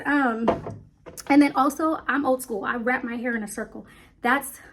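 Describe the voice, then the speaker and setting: A young woman talking fast and a little out of breath, chatting casually to her viewers about hair care. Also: sits high. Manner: chatty, rambling, talks fast, addresses viewers as y'all. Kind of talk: casual chat to camera.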